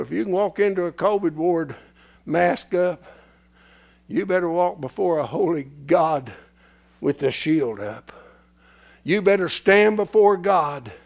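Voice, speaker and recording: Man, preacher, high voice, gravelly, hoarse, whisper to shout. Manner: swings from hushed whisper to shouting; folksy, repetitive preaching. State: losing his voice. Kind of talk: sermon.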